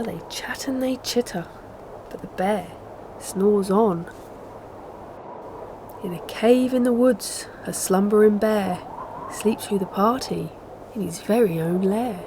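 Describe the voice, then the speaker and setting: A woman's voice: medium pitch, unhurried. A woman reading a picture book aloud as a storyteller, rhythmic and playful in a sing-song way. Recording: noisy background.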